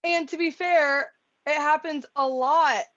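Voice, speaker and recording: A woman with a high voice co-hosts a podcast, telling stories in loose, profane casual chat. The sound is dry and close, with a slightly dull, lo-fi tone. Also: steady tone, a little slow, fairly bright tone, no echo. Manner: profane, laughing recaps. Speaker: podcast co-host.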